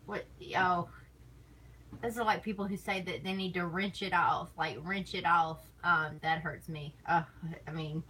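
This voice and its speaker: A woman's voice: on the low side, fairly even intonation, unhurried, sharp tone, slightly rough, poor audio. A woman streamer chatting casually on stream, rambling and teasing, laughing often between thoughts. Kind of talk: casual chat.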